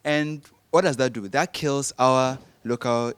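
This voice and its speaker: A young man explains his argument on a panel, lecturing and pausing to search for words. He speaks slowly, and his voice sounds smooth and clear. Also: mid-range voice, steady tone. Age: young adult. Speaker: panel guest.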